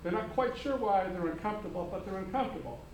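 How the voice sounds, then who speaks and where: A man speaking on a panel discussion, animated and engaging the audience with humor and questions. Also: high voice, quick pace, a little hiss or hum, rough recording. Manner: animated, audience-engaging, uses put-on voices for quoted people. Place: conference hall.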